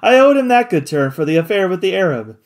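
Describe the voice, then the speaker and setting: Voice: mid-range voice, big pitch swings, quick pace, close to an everyday voice. A reader voicing a loyal, plucky young manservant in an audiobook, eager and cheerful in manner. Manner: eager, cheerful, cool under danger. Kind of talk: audiobook character voice.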